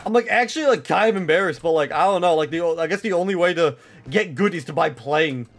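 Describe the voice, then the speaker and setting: A young man streaming a shooter game live, rambling and swearing excitably with lots of filler words. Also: on the high side, quick pace. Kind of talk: live gameplay commentary.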